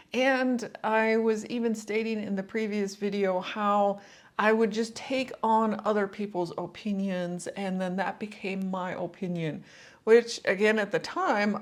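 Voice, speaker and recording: A woman life coach talking to camera in a casual, reflective vlog, telling a personal story in a conversational way with lots of "like" and "you know". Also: mid-range voice.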